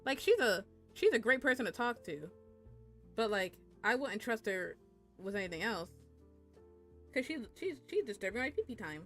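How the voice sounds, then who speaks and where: While streaming, a young woman shares a chatty, profane story about her job, slipping into high squeaky voices to quote people. She talks at a normal speed with frequent pauses, and soft music plays underneath.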